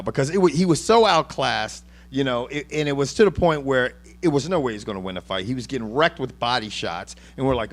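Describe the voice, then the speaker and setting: A man's voice: mid-range voice, a little fast, few pauses. A man hosting a casual boxing chat, cursing freely and rambling through his points with many restarts. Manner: profane, rambling, animated. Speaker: podcast host.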